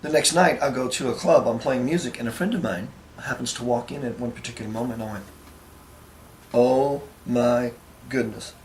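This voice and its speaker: A man talking casually to camera, telling an anecdote in a relaxed way with fillers and restarts, and acting out the voices in his story. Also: mid-range voice, fast talker, hardly any pauses, slight background noise. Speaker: spiritual teacher.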